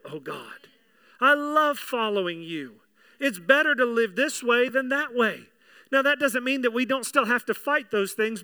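Man, pastor, sermon, earnest, bright tense tone, crisp clear voice. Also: extremely high pitch. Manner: earnest, repeats words, asks the congregation questions.

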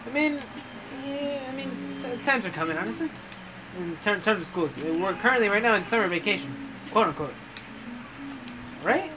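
Friend, casual gaming chat, quick reactions and questions, middle pitch, noisy recording. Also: animated. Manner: short reactive questions and exclamations. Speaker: friend in the conversation.

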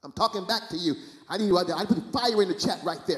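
A man preaching a fervent sermon as pastor, often breaking into hallelujahs and shouting in a sing-song way at the peaks. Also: sits high, fast talker. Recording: echoey reverberant room.

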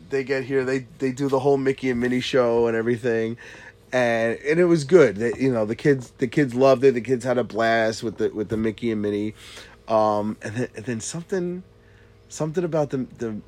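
A man's voice: medium pitch, moderate pace, a little mellow. A man in his thirties telling a story in casual chat, swearing a lot and restarting his sentences often. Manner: profane, rambling with many restarts.

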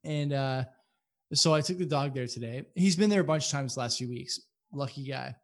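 A man casually telling a rambling, profane story to friends on a podcast, animated and full of asides. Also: mid-range voice, moderate pace.

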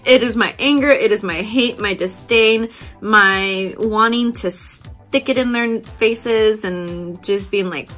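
A woman's voice: mid-range voice, bright, forceful tone. A woman hosting a casual self-help podcast, swearing freely, laughing often and acting out her own inner voice. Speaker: podcast host.

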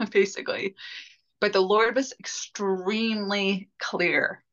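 A woman telling a personal story as a podcast guest, candid and rambling with fillers and soft laughs. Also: mid-range voice, fairly even intonation, slow, lo-fi sound.

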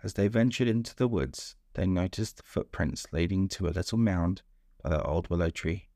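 A man narrating a bedtime story in a slow, soothing manner. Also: low voice, creaky, warm tone, no echo, clean studio sound.

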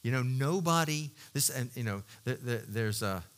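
A middle-aged male pastor preaches expressively, moving from loud, emphatic peaks to quiet, low storytelling. He halts and restarts as he searches for words.

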